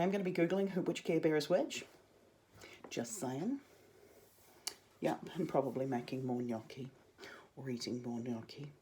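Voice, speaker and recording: A woman's voice: a bass voice, dark tone, slight background noise. A young adult woman, a drama teacher giving a chatty video lesson to her students with jokey asides.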